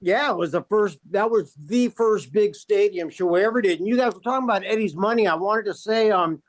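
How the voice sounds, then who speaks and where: A man's voice: high voice, brisk. A middle-aged man, a guest guitarist, talking loosely and swearing freely while chewing nicotine pouches. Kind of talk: casual interview chat.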